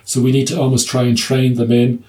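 A man's voice: medium pitch, little pitch movement, fairly quick, warm tone. A middle-aged man, a clinic doctor answering interview questions, stumbling over restarts and telling anecdotes with humour. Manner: hesitant restarts, anecdotes with quoted dialogue and humour.

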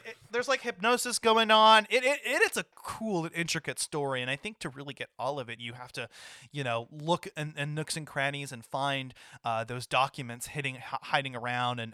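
A man's voice: medium pitch, fairly even intonation, normal speed, pushed and bright, clean tone, no room sound, studio quality. A man in casual conversation about a video game, talking in loose rambling runs with frequent restarts and laughter. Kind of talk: casual gaming chat.

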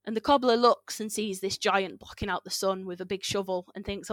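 A woman's voice: mid-range voice, fairly even intonation, a little fast, no room sound. Chatty woman telling a folk tale. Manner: chatty, giggly, with fillers and self-corrections. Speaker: storyteller guest. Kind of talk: casual oral storytelling.

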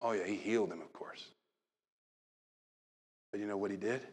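A pastor preaching a sermon, moving from loud acted-out calls to soft, hushed talk. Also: male voice, fairly low pitch, normal speed, breathy edge, in a large hall.

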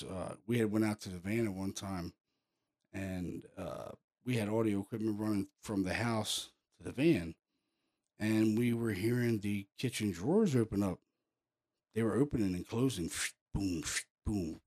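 Casting: low-pitched man, casual storyteller, lively, lots of fillers. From Pennsylvania, US. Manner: animated, heavy on fillers like "you know" and "boom". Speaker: paranormal investigator telling a case story.

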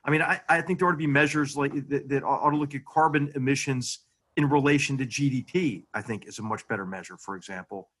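A man with a husky voice takes part in a panel discussion. He speaks haltingly, restarting phrases and repeating words as he thinks. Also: medium pitch, fairly bright tone.

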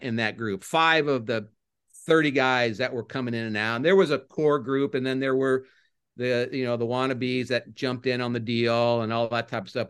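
An older man, a former baseball coach, chatting as a podcast guest and telling rambling stories that get animated when he retells crowd chants. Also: mid-range voice, smooth. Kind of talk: casual podcast interview, storytelling.

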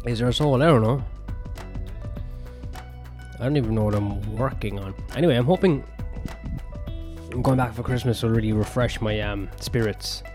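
A man's voice: mid-range voice, normal speed, pauses often, music in the background. A young man hosting a podcast alone, rambling and swearing in a self-mocking way. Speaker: podcast host and comedian. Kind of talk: solo rambling podcast monologue.

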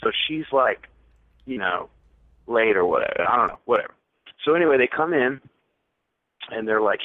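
A man's voice: mid-range voice, lively intonation, normal speed, pauses often, dry recording. A man telling a long story as a podcast guest, rambling and mocking himself. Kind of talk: casual storytelling. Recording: tinny, dry phone-like line.

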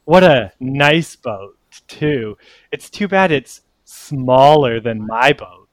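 A smug little mushroom bard who speaks slowly, voiced by a man, with a dry close sound. He is condescending and measured in every line. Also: mid-range voice, lively intonation, dry recording.

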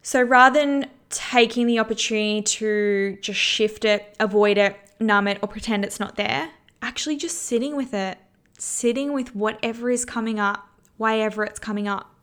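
A woman's voice: a little high, moderate pace, a bit bright, smooth. Earnest woman coaching through emotions. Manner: earnest, coaching, swears casually. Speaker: podcast host. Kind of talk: casual self-help monologue.

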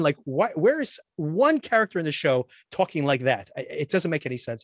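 A man hosting a podcast, ranting about a TV show in animated casual chat and mimicking characters in quick asides. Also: a little high, no room sound, studio quality. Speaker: podcast host.

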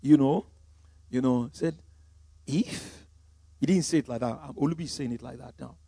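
A male pastor preaching a sermon, swinging from loud exclamations to hushed storytelling. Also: mid-range voice, fast, gravelly, husky, no echo.

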